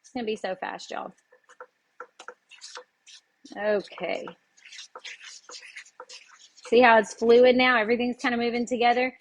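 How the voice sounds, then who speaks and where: Southern lady w/ a tennessee accent, high voice, chatty folksy cooking host talking to her viewers. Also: fairly even intonation, measured pace, long pauses, slight background noise. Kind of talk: live-streamed cooking lesson.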